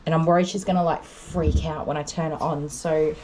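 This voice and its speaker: A woman's voice: deep voice, fairly even intonation, fairly quick, darkish tone, a little hiss or hum. Chatty woman cooing at a dog. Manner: sometimes drops to a whisper. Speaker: dog groomer. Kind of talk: live-stream chat while grooming. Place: grooming salon.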